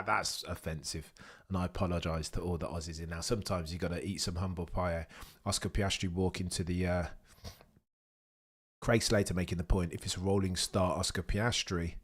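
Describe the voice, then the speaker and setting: A British man hosting a live race watchalong, chatting with viewers in a cheeky way and swinging between loud excited bursts and low mutters. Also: moderate pace, breathy edge. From United Kingdom. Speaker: livestream host.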